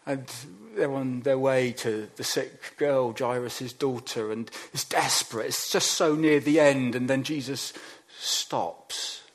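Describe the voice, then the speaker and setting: A man preaching a sermon, acting out quoted voices and dropping to quiet emphasis on key lines. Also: mid-range voice, fairly even intonation, takes it slowly, hardly any pauses.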